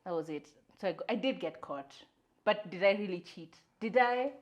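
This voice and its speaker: With a medium-pitched voice at a moderate pace and the highs cut off, this podcast co-host, a young adult woman, animatedly recounts a story, mixing in Swahili and acting out quotes.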